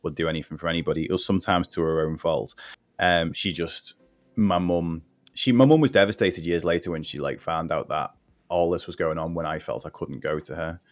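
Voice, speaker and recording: A man in his forties from Liverpool with a Scouse accent, a podcast guest talking through his past in casual conversation, halting with many restarts. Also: low voice. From Liverpool, England. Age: 40s. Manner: halting, restarts often, laughs easily.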